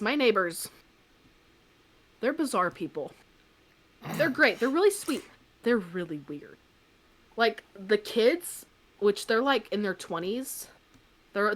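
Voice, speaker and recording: A young adult woman co-hosting a podcast, telling a story in a chatty, animated way full of "like". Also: medium pitch, unhurried, long pauses. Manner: chatty, peppered with "like", animated retelling. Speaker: podcast co-host. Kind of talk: casual anecdote on a podcast.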